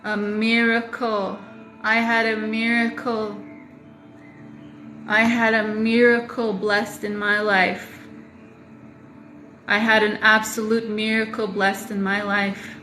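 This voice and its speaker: A woman speaking slowly and deliberately to camera in a confessional vlog, her voice bright and fairly high. She leans on repetition and blunt language to drive her points home. The room is echoey. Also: level tone, soft background music. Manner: emphatic, repeats phrases for weight, swears. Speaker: vlogger.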